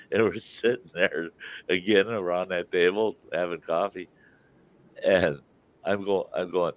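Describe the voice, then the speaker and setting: A man's voice: sits low, fairly even intonation, unhurried, long pauses. A man hosting a live stream, telling a folksy anecdote and laughing through it. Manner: laughs through his own story, drawls. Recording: dull lo-fi stream audio.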